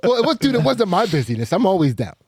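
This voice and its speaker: A man's voice: high-pitched, big pitch swings, fast talker, a little mellow, breathy edge. Rambling man co-hosting a podcast. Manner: rambling, stumbling restarts. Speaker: podcast co-host. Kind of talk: casual comedic banter.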